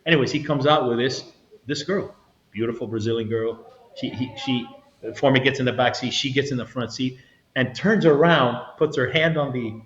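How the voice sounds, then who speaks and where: A man's voice: medium pitch, moderate pace. A middle-aged man, a retired federal agent, tells a story as an interview guest, acting out quotes and often restarting his sentences. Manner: animated storyteller, acts out quotes, frequent restarts. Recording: roomy, slightly dull sound.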